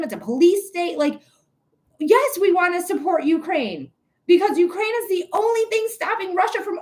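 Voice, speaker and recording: A woman hosting a live psychic-reading stream, talking in a blunt, outspoken way, swearing freely and tossing quick asides to viewers. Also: very high-pitched. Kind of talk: casual live-stream chat.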